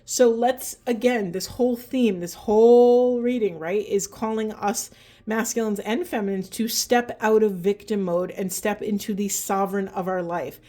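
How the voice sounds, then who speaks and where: A woman talks through an oracle card reading in a warm, mellow voice. She is earnest and impassioned, urging her listeners on. Her pitch sits in the middle for a woman. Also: steady tone, normal speed. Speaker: spiritual tarot reader.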